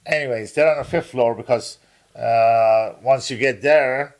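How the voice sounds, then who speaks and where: A man co-hosting a podcast, bantering crudely in a rambling, halting way with lots of fillers. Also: mid-range voice. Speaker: podcast co-host.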